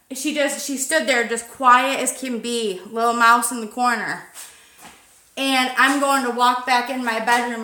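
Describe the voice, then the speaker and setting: A woman in her thirties chats through a night-time livestream, talking loosely to viewers and swearing without a second thought. Her voice sits a touch high and sounds bright and forward. The sound carries a noticeable roomy echo. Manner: rambling and chatty, swears freely, greets viewers. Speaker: paranormal livestream host. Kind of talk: casual livestream chat. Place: outdoors at night.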